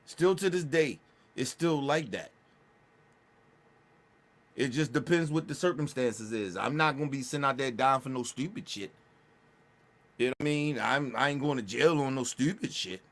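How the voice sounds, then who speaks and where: A man's voice: medium pitch, normal speed, long pauses, a bit bright. Blunt, emphatic man in street talk. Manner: blunt, repetitive, restarts phrases, profane slang. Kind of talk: casual street talk commentary.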